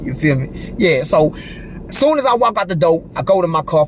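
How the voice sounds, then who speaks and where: A man with a high, lively voice tells a story in a casual monologue, leaning hard on street slang and profanity. His pitch swings widely, and he keeps asking the listener if they follow him. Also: moderate pace, a little hiss or hum. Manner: animated, profane street slang, repeats "you feel me". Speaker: vlogger telling a personal story.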